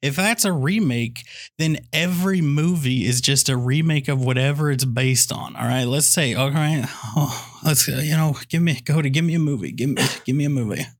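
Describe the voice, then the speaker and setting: A man co-hosting a podcast, riffing through loud comedic rants about a movie remake and putting on mock voices. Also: on the high side, moderate pace. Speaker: podcast co-host. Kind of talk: comedic movie review banter.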